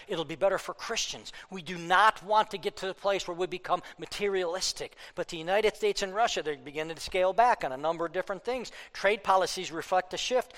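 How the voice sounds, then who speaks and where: A man preaches from the pulpit with a high, strained voice, fired up and worked up. He lurches from loud, pushing outbursts to low, muttered asides. His words ring out with a long reverb in a large hall. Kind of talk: political sermon.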